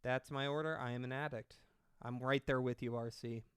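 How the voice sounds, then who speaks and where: A man's voice: medium pitch, fairly even intonation, moderate pace, clear, resonant tone, dry recording, studio quality. A man doing casual reaction commentary, rambling and sarcastic with lots of swearing.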